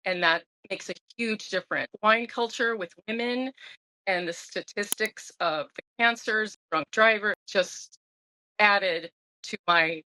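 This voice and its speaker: A woman's voice: medium pitch, unhurried, pushed and bright, no echo, low-quality recording. A woman of sixty talking candidly and emotionally as an interview guest, often restarting her sentences. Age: 60s. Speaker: guest sharing her sobriety story.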